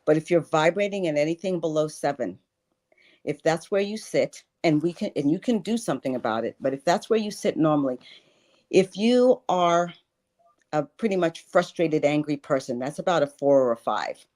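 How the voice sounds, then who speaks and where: A woman in her sixties with a notably low voice talks earnestly as an interview guest. She speaks with conviction and repeats key phrases for emphasis. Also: expressive, normal speed, darkish tone. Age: 60s. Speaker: guest, life and wealth coach. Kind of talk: spiritual interview talk.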